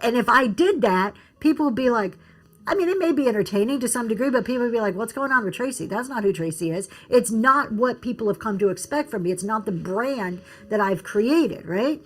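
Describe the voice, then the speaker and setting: Here the same kind of livestream business advice comes faster: a woman with a fairly high pitch talks in an animated, brisk way. Chatty and casual, she reads out viewer comments, responds to them, and frequently starts over mid-thought.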